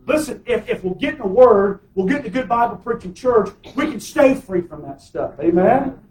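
A pastor with a very high voice preaches emphatically and draws amens from the congregation. His voice carries through a roomy, echoey sanctuary. He is picked up from well back from the mic. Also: animated, normal speed, darkish tone, far from the mic. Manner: emphatic, call-and-response preaching. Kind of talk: sermon.

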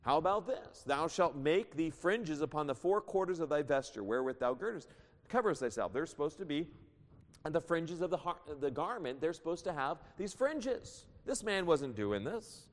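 Guy preaching a sermon, kinda high voice, leans hard on words, lots of hall echo. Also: very animated, moderate pace. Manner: emphatic preaching with big pitch swings, reading scripture aloud. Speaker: pastor. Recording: long reverb of a church hall.

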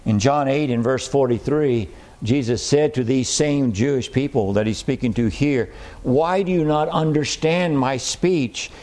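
A man preaching a sermon, emphatic, repeating key phrases and slowing down to read scripture. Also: medium pitch, darkish tone.

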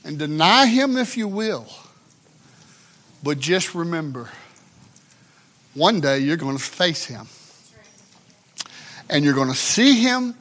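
A man preaching a sermon, swinging between shouted emphasis and hushed, drawn-out passages. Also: a little high.

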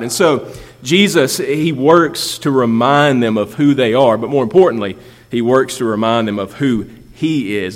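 A man preaching a sermon as pastor, building emphasis and asking rhetorical questions. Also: mid-range voice. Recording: long reverb of a large hall.

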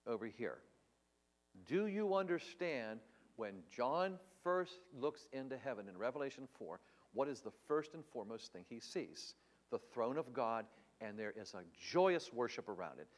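A man's voice: medium pitch, very animated, normal speed, big-room sound. A man preaching in an earnest, emphatic way, teaching Bible answers on a live stream and asking rhetorical questions.

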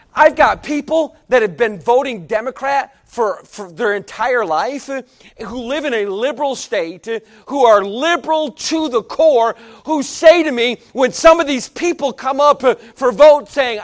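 A middle-aged man preaching a sermon, emphatic, swinging between hushed and loud delivery. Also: high-pitched, expressive, moderate pace.

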